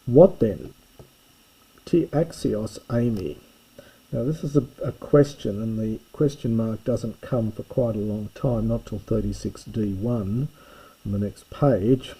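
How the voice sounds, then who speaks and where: Slow, husky man teaching a text. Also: lowish voice, dark tone, poor audio. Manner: slow, methodical, with frequent pauses and fillers. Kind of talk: recorded Greek reading lesson.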